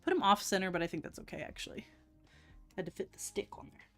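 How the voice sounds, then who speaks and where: Woman, mid-pitched voice, chatty nail art streamer, laughs a lot, faint music behind. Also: sing-song, fast talker. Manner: chatty, laughs often, self-deprecating. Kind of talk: casual live-stream chat.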